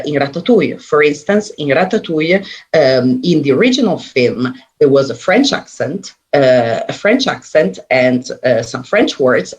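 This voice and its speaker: An academic presenter giving a recorded conference talk, hesitant, with frequent fillers and restarts. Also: mid-range voice.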